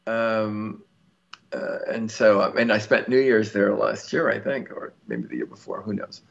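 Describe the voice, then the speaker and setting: A man tells a long story as an interview guest, rambling and chatty, with frequent ums and restarts. His voice has a gravelly, creaky edge. The recording sounds somewhat dull and lo-fi. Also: lowish voice, animated, a little slow. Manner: laughs easily. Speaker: lottery winner guest.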